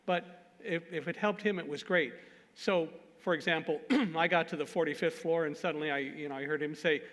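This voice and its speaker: Speaking at a moderate pace in a fairly high voice, a man recounts a story to a conference audience. He stays animated, makes jokes at his own expense and chuckles at himself, with the hall's long reverb trailing behind.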